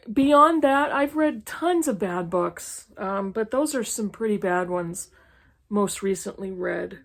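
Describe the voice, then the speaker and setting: A woman in her fifties from New England, chatting frankly through a list of questions with sarcastic asides. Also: a little high. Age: 50s. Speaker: book YouTuber. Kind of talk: casual chat answering tag questions. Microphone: camera mic, reading from an e-reader.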